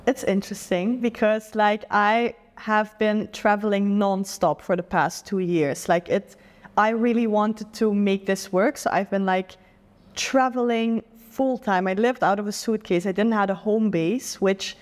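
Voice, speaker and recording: A woman's voice: mid-range voice, fairly even intonation, unhurried, in a large hall. A young adult woman from the Netherlands with a Dutch accent, a guest in a casual interview chat who talks earnestly and reflectively, often saying "like".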